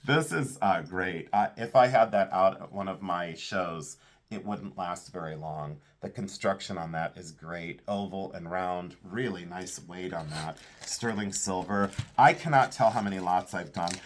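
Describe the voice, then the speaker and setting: A man's voice: sits low, measured pace. Chatty man sorting jewelry aloud. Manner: enthusiastic, thinks aloud while sorting. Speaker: vintage jewelry seller. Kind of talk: casual unboxing commentary.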